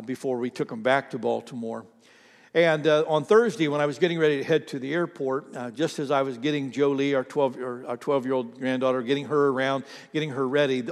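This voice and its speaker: Older man, pastor, sermon, slightly high voice, halting then emphatic, long church-hall reverb. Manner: storytelling, halting restarts, rising to emphatic calls. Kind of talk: sermon with personal story. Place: church sanctuary.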